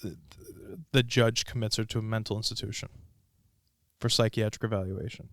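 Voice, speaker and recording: A young man hosting a podcast in casual chat, emphatic and animated, repeating words for stress. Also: on the low side, moderate pace, no room sound, studio quality. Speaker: podcast host.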